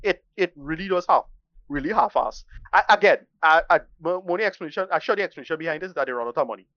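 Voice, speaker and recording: Racing through his take, this podcast co-host reviews a film bluntly and with rambling digressions, swearing freely in Caribbean-style English. His fairly high voice is expressive and fairly bright, captured without room sound but muffled.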